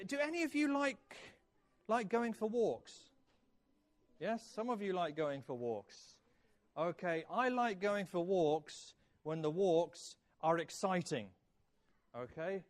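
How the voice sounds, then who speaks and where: Fiftyish guy telling a story to kids at church, chatty and upbeat, higher voice. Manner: lively, asks children questions and praises answers. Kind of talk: children's story talk with questions to kids. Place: church hall.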